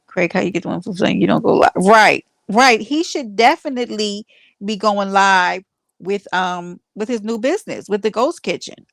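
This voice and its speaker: Gravelly-voiced woman livestreamer. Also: mid-range voice, normal speed, no echo. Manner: playful mock outrage, teasing chat members; rambling with restarts and fillers. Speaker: livestream host. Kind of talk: casual livestream chat with viewers.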